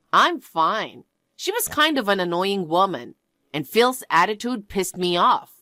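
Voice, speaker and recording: A woman's voice: mid-range voice, sing-song, a little slow, bright, forceful tone, no room sound, clean studio sound. A young woman telling her own story in a one-voice narration, outspoken and indignant. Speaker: storyteller, main character.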